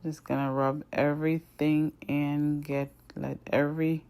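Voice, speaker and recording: Woman, very deep voice, unhurried, casual cooking voice-over, step-by-step chatter. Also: flat delivery, darkish tone, clear, resonant tone. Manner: chatty, step-by-step, starts lines with "so now". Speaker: home cook and channel host. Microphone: voice-over recorded apart from the video.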